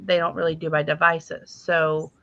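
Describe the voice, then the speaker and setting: A woman hosting a casual livestream chat, chatty with quick reactions. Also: sits low, little pitch movement, fairly bright tone. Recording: dull lo-fi stream audio.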